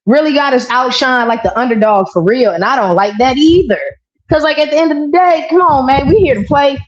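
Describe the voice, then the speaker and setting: A woman co-hosting a podcast, ranting in casual, profane slang. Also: sits high. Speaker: podcast co-host. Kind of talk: casual political chat. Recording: dull lo-fi stream audio.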